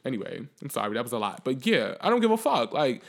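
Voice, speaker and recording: A man tells a story in a casual vlog rant, profane and animated, swinging between loud outbursts and quiet reflection. He talks fast, with a medium-pitched voice and vocal fry.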